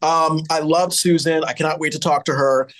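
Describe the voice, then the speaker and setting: A young man with a fairly high-pitched voice co-hosting a casual podcast. He talks in a chatty, animated way and laughs often as he recaps a sitcom episode. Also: moderate pace. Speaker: podcast co-host.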